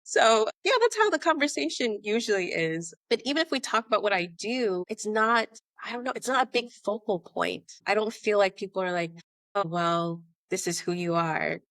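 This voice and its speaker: A woman's voice: a little high, a little fast, few pauses, no room sound. A woman in her late thirties from Atlanta, a podcast guest telling stories in a casual interview and acting out the voices of people she quotes. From Atlanta, United States. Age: late 30s. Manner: animated storyteller who acts out quoted dialogue. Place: abroad in Spain.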